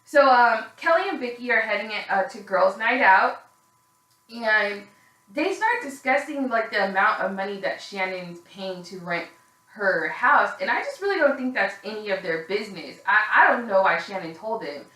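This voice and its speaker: Bright-voiced woman in an echoey room. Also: medium pitch, animated, moderate pace. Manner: candid and gossipy, swears freely, frequent fillers. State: tired. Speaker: reality TV recap reviewer. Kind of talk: casual opinionated recap.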